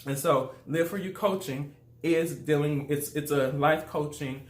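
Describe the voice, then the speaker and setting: A man's voice: a little high, a little slow, roomy sound. A man from Louisiana with a Southern accent, hosting his life coaching channel in an upbeat, casual motivational talk that uses a lot of repetition. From Louisiana, USA.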